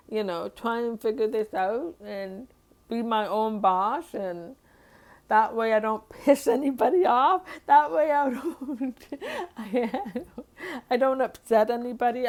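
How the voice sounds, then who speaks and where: A woman talking through a hard day in a personal diary vlog, rambling and emotional, with sighs and nervous laughs. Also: fairly high pitch. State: upset and overwhelmed. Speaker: vlogger.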